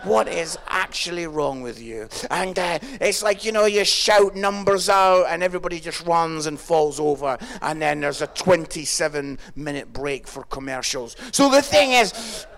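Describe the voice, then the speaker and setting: A Scottish man preaching a sermon and telling stories, moving from hushed tones to loud exclamations. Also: a little high, normal speed. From Scotland. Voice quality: gravelly, swings from hushed to shouting. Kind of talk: sermon with personal storytelling.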